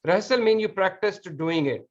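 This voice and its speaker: A man with a somewhat high voice hosts an online meeting. He sounds friendly and encouraging, with non-native phrasing, and the call audio is muffled and lo-fi. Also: brisk. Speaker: event host.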